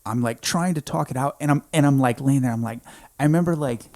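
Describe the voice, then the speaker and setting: A man in his thirties, a podcast guest in a home studio, telling a story in an intense, emphatic way, often saying "dude" and swinging between hushed and loud. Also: medium pitch, fast talker, dry recording. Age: 30s. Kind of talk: casual storytelling.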